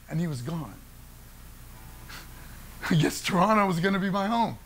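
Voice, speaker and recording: An older man telling a true story on stage in an animated way, often laughing between lines. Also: high voice, a little slow, a little hiss or hum. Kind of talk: theatrical solo storytelling.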